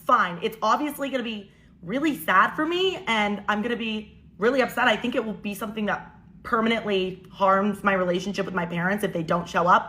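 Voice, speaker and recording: Bright-voiced young woman telling a story. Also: medium pitch, low-quality recording. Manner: animated, incredulous, quotes people in changed voices. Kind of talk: casual storytime monologue.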